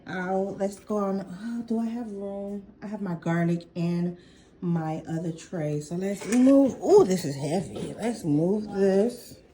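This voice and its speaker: A woman's voice: medium pitch, unhurried, dark tone. Chatty woman filming her home garden. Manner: chatty, thinks aloud with many fillers and restarts. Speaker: gardening vlogger. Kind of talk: casual home gardening vlog. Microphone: phone camera.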